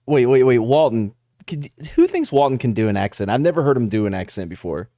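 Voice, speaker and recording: Animated joking man on a podcast panel. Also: medium pitch, a little fast, no echo, studio quality. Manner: joking, animated, jumps in often. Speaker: podcast co-host. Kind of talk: casual panel chat.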